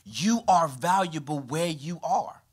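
A man, a pastor preaching a lively sermon to his congregation, his voice rising and falling from loud to quiet. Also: takes it slowly, breathy edge. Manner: animated preaching with sweeping pitch and volume. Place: church.

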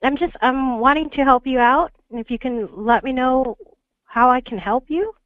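A woman working as a pet store clerk, answering a customer service call in a calm, polite and firm manner. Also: sits high, normal speed, no echo. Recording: dull phone line.

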